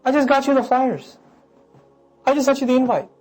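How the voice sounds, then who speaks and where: A man's voice: very high-pitched, fairly even intonation, brisk, a little mellow, soft background music, voice pushed up, low-quality recording. A man voicing a smug male devil who brushes off blame like a salesman, in a casual, breezy way during a lecture. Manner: casual, breezy, self-excusing. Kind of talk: lecture with acted voices.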